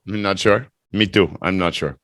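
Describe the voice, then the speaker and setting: A man's voice: sits low, normal speed, fairly bright tone, dry recording. A man teaching English over a video call, teasing his student in a chatty, playful way before running a speaking test.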